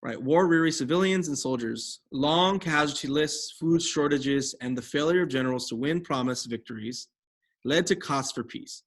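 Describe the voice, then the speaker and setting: A man's voice: on the high side, normal speed. A young adult man teaching a history lecture over slides, rambling with many fillers and self-corrections.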